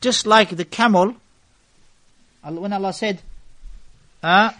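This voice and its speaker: An Islamic preacher lectures a gathering and tells stories with animation, mixing Arabic phrases into his English. His voice is high and measured, with long pauses, captured in studio quality with no echo.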